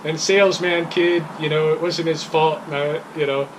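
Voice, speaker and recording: A woman's voice: low voice, fairly even intonation, normal speed, noisy background. Rambling woman venting. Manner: rambling, grows heated and laughing when frustrated. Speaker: customer telling of a complaint. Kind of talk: casual storytelling.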